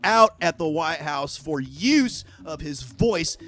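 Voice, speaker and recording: A man's voice: on the high side, animated, slow, fairly bright tone. Profane, heated man ranting over music. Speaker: news commentator. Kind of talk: ranting casual commentary.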